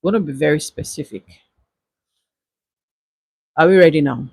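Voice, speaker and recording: Lecturer, husky. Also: mid-range voice, moderate pace, no room sound, poor audio. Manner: repetitive, emphatic instructions to students. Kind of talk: exam-review livestream lecture.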